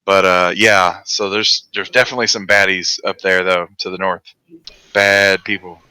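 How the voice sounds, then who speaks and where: A man playing a tabletop game, talking through his character's moves in a chatty way. He laughs easily. His voice is low-pitched but bright, on a dry, close recording. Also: level tone, normal speed, clean tone, dry recording, low-quality recording. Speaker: player.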